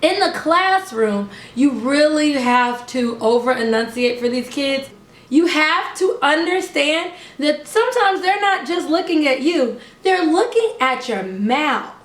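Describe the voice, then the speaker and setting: A young woman who teaches preschool speaks to parents in a high, bright voice. She talks slowly and over-enunciates each word, keeping the tone upbeat. The sound carries a roomy echo. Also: lively intonation. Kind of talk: instructional talk to camera.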